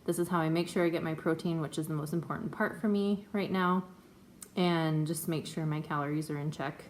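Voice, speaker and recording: A woman's voice: low voice, steady tone, a little fast, slight background noise. A woman in her twenties talking in a chatty, self-conscious way, with lots of fillers, for a home video update. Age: 20s. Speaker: vlogger. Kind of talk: casual chat. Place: home room.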